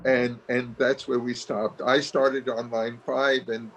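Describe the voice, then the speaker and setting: A man of middle pitch gives a hesitant report to an online class, pausing on fillers and restarting his sentences. A faint hiss hangs behind him. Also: flat delivery, poor audio. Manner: halting, many fillers and restarts. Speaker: class participant reporting back. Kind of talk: casual report in a video call class. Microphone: video call.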